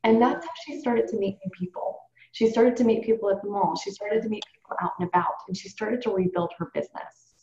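A woman's voice: medium pitch, a little fast, few pauses, warm tone. Upbeat woman coaching over a roomy, dull call line. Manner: upbeat, coaching tone, addresses group as you guys. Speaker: direct sales team leader. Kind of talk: training call talk. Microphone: call or webinar.

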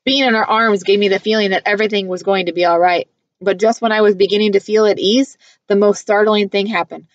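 A woman's voice: medium pitch, steady tone, no echo. Woman narrating a novel, dry and muffled. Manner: measured, earnest storytelling. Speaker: audiobook reader. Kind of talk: first-person novel narration.

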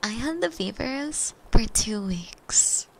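A young woman streamer telling casual rambling stories during an ASMR stream, swearing freely and slipping into soft whispers. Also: on the high side, lively intonation, slow, creaky, slight background noise. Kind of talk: chatty ASMR stream storytelling.

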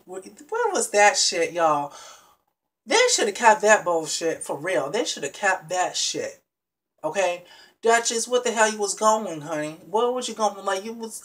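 This reality show episode recap comes from a vlogger with a mid-range, fairly bright voice. Chatty and emphatic, they keep restarting sentences and break off often to speak directly to the audience.

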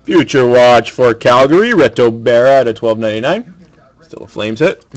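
A man's voice: medium pitch, animated, slight background noise. Man calling out hockey card pulls. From Canada. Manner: brisk, matter-of-fact announcing. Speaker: card break host.

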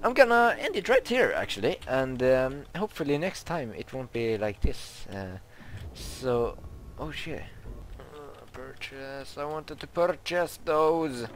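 A young man, commenting on his own video game play, who gets excitable and yelps and shrieks when startled. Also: mid-range voice, measured pace. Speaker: gaming YouTuber.

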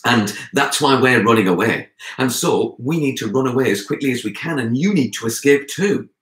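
A man voicing Anansi, a small male trickster spider, quick-witted and breathlessly pleading as he talks his way out of danger, in a storybook tale. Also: mid-range voice, lively intonation, fairly bright tone, echoey room, voice pushed up, natural voice.

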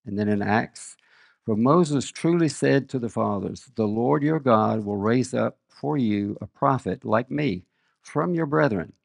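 An older man serving as guest preacher reads scripture aloud and shares earnest stories about his family during a sermon. His mid-range voice is creaky and unhurried.

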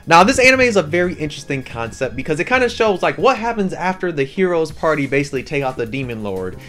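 A man giving a casual anime review with a slangy, excitable, rambling way of telling the story. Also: a little high, fast, soft background music.

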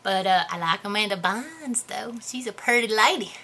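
A woman's voice: medium pitch, animated, moderate pace, sharp tone. A woman playing a goofy, boastful character in a comedy vlog, talking in a rambling, self-mocking way. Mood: playful. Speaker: vlogger answering viewer questions.

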